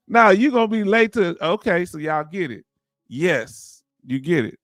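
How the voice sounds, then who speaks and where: A man with a Southern US accent hosting a casual livestream, talking in an animated, preachy way and firing off rhetorical questions to his viewers. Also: sits high, no room sound, studio quality. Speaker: livestream host.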